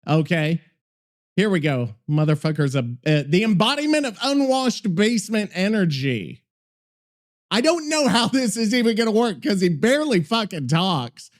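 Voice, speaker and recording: Male podcast host, high voice, swoops all over, profane, exasperated, rambling. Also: very animated, moderate pace. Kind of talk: casual chat.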